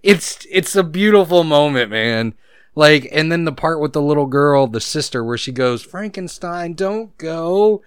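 A man's voice: fairly high pitch, normal speed, clear, resonant tone, no echo, studio quality. A man co-hosting a podcast, talking casually and with nostalgic enthusiasm about his favorite childhood movies. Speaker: podcast co-host. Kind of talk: casual chat. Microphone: own podcast microphone.

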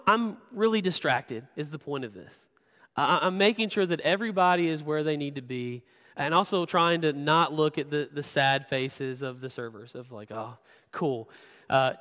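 A man's voice: a little high, fairly bright tone, big-room sound. A man preaching a sermon, telling a candid personal story and often repeating words as he stresses a point. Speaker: pastor. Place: church sanctuary.

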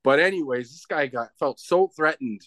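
A man's voice: on the high side, lively intonation, normal speed, fairly bright tone, dry recording. A man from Canada, a wrestler being interviewed, telling a story in a rambling, casual way with many restarts. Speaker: professional wrestler, guest.

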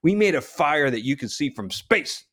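Animated man telling a story, full of restarts. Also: fairly high pitch, normal speed. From New Jersey. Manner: animated, frequent restarts and laughter. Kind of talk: casual storytelling.

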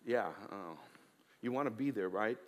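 A man preaching a sermon as a pastor, animated, with frequent restarts and repeated words. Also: on the low side, moderate pace, long reverb tail.

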